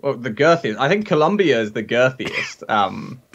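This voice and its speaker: A man's voice: medium pitch, a bit bright. A man with a British accent, co-hosting a casual podcast chat and explaining things in a dry, mock-serious way. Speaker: podcast co-host.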